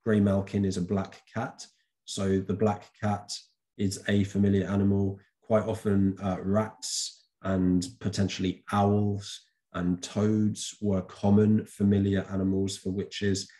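A man's voice: on the low side, flat delivery, takes it slowly, warm tone. A man talking through a casual revision lesson, chatty and loose, with frequent ums and self-corrections as he explains to the camera. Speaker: teacher. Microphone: camera recording.

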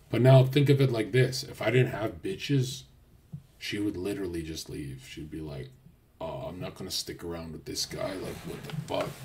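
A brash young man livestreaming in a casual, crude rant that swings from loud outbursts to low mutters.

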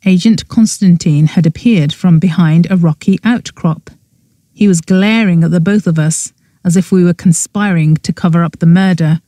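A woman narrating a first-person cozy mystery audiobook in a brisk storybook reading. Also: on the low side, warm tone, no echo, clean studio sound.

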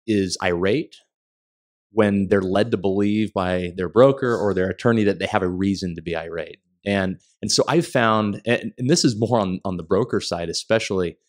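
A man co-hosting a podcast, speaking in a relaxed, reflective way with many fillers. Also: sits low. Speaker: podcast co-host. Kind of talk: conversational interview.

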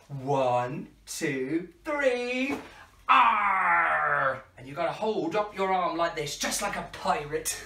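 A man hosting a children's party show for kids watching at home, playful and animated with big gasps and laughs. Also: high voice. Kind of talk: interactive children's show, talking to viewers at home. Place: room at home. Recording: echoey room, voice far from the mic.

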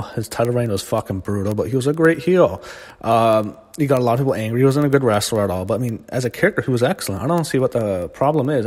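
A man's voice: mid-range voice, a little mellow. A man giving a blunt, profane recap of a wrestling show in a casual ranting monologue. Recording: long hall reverb.

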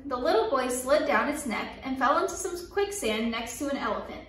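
A woman's voice: high voice, animated, brisk, hardly any pauses, a bit bright, distant mic, a little hiss or hum. A woman reading a picture book aloud for children's story time, with playful sound effects and call-and-response lines. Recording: echoey room, voice a bit off-mic.

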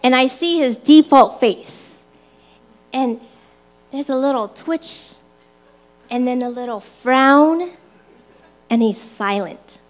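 Woman, sermon, high voice, slow measured delivery, lively personal anecdotes. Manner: slow and deliberate, acts out her own excited and angry voice in anecdotes. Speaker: preacher. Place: church.

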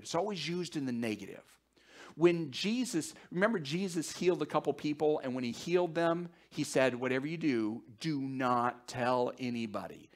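A male pastor delivering a sermon in a somewhat high voice. He swings from lively joking to a hushed, almost whispered intensity, and he repeats words and searches aloud with fillers as he works through his point. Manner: animated and joking, with sudden drops to a hushed near-whisper.

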